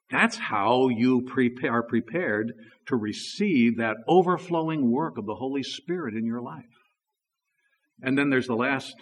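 A man preaching a sermon in a relaxed, conversational way, telling stories with frequent "you know" asides. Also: mid-range voice, breathy edge, in a large hall. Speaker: pastor.

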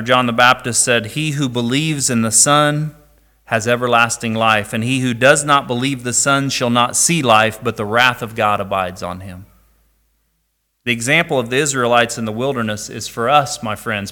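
Man preaching, bright tone, fairly high voice, earnest and pleading. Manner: earnest, pleading, rising to emphatic calls. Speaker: pastor. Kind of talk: sermon.

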